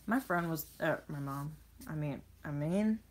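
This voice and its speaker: A woman's voice: low-pitched, unhurried, slight background noise. A young woman chatting casually as she unboxes toy horses, rambling and reading bits of text aloud. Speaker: vlogger.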